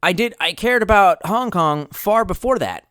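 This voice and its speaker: A man's voice: high voice, lively intonation, normal speed, a bit bright, clean tone, dry recording, studio quality. A young man chatting casually on a livestream, rambling and sarcastic, cursing often and reading viewer messages aloud. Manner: rambling, profane, sarcastic, reads chat aloud. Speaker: streamer.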